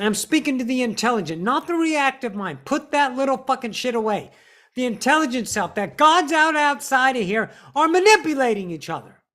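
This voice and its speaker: A woman's voice: fairly high pitch, expressive, normal speed, fairly bright tone. A woman giving a spiritual teaching monologue in a blunt, profane manner, repeating words for emphasis.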